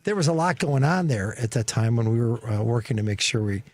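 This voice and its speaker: A man's voice: mid-range voice, expressive, brisk. A man, a former state senator, co-hosting a radio talk show in studio, earnest and searching as he talks. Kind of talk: casual political chat.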